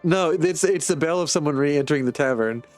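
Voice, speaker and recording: A man's voice: on the high side, fairly quick, faint music behind. A man running a tabletop game as game master, rambling with lots of "like" and restarts.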